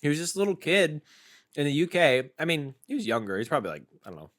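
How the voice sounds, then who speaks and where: A man's voice: a little high, sing-song, fast, a bit bright. A man co-hosting a snack-tasting podcast, chatting casually, playful and teasing, often laughing. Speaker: podcast co-host.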